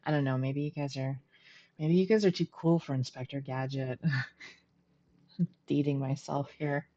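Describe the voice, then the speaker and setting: A woman's voice: extremely low pitch, steady tone, unhurried, dark tone, dull audio. A middle-aged woman streaming a game from home, chatting casually, laughing often and poking fun at herself. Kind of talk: casual gameplay commentary.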